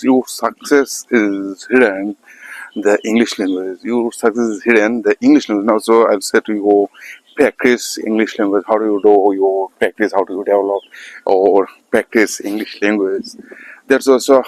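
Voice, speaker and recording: A man with a Bengali accent and Bengali as his first language, practicing spoken English in a casual monologue, halting with many fillers and restarts. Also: fairly low pitch, fairly even intonation, poor audio. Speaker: English learner vlogger.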